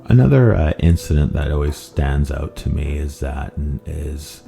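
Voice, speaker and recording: A man hosting a podcast, telling true-crime stories in a rambling, animated way and correcting himself as he goes. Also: rumbling low, measured pace, vocal fry. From Canada. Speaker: podcast host. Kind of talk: casual true-crime storytelling. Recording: faint guitar music underneath.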